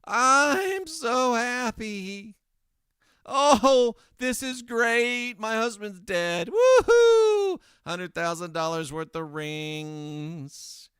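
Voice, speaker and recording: A man putting on a high, mock-tearful voice as a rich widow pretending to grieve while gushing about being happy. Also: very animated, very slow, a bit bright, clear, resonant tone, no echo, clean studio sound, exaggerated voice. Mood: mock-sad gloating. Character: gloating fake-sobbing rich widow, woman, middle-aged.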